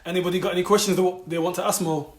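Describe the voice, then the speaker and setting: A man with a Manchester accent hosting a relaxed, slangy chat over a video call. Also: high voice, rapid-fire. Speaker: host. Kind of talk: casual chat.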